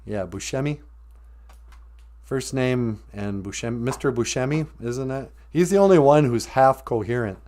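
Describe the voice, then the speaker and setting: A man's voice: medium pitch, moderate pace, warm tone. A man from Minnesota, telling a loose, joking, rambling story on a live stream.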